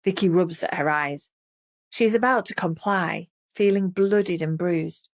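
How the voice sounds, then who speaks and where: A woman reading a thriller audiobook in measured, dramatic narration. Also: lowish voice. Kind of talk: scripted narration.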